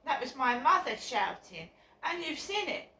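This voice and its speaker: A woman's voice: high voice, very animated, moderate pace, sharp tone, far from the mic. A woman filming a personal vlog on her phone, talking in an upset, insistent and repetitive way. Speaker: vlogger. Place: outdoors by her flats. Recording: echoey, off-mic with faint background noise.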